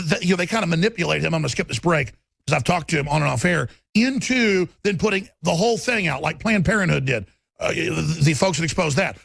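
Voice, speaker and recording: A man hosting a talk show, ranting forcefully and quickly with stammering restarts. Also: fairly high pitch, gravelly, breathy edge, no echo. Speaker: radio talk show host.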